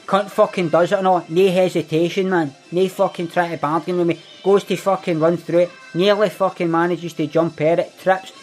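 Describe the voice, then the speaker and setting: A man's voice: sits high, fairly even intonation, normal speed, hardly any pauses, darkish tone, close to an everyday voice. Guy doing a cocky young glasgow ned, thick glaswegian accent, swearing nonstop, bit of music behind. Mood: boastful. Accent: Glaswegian Scottish. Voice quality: heavy swearing, boastful storytelling. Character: swaggering foul-mouthed young male Glasgow ned. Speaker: comedy monologue character. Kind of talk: scripted comedic monologue.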